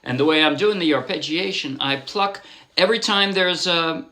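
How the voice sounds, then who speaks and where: A man's voice: on the high side, normal speed, sharp tone, faint music behind. A man giving a casual ukulele lesson, chatting loosely and counting beats aloud as he explains. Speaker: ukulele teacher. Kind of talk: casual instrument tutorial. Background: ukulele playing.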